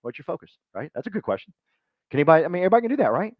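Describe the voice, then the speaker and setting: A man speaking to a live group at a business meeting, joking and acting out quick voices as he goes. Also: sits high, sing-song, no room sound, highs cut off. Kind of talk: motivational talk to a live group.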